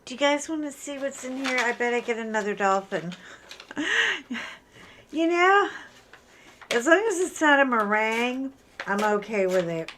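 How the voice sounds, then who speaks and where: A woman's voice: fairly high pitch, lively intonation, moderate pace, pauses often, background noise. A middle-aged woman from Ireland chatting casually while she unboxes a craft kit, rambling through stories and asides. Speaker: craft vlogger.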